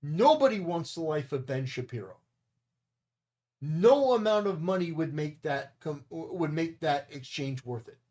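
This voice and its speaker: A man's voice: fairly high pitch, expressive, unhurried, mellow. A man hosting his own commentary channel, talking through an online argument in a blunt, combative way. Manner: blunt and combative, insulting and dismissive. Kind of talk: opinion commentary monologue.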